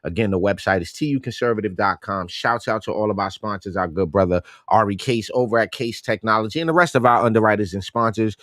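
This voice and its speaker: A man co-hosting a casual political morning talk show, emphatic and animated, slipping into mocking voices. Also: fairly low pitch, quick pace, few pauses, dry recording, studio quality. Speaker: co-host.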